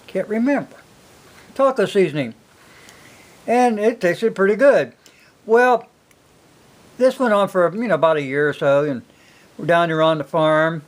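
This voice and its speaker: Older man, high-pitched, casual folksy storyteller, rambling delivery. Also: lively intonation, a little slow, pauses often. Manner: rambling, folksy, many fillers. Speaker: single father telling stories.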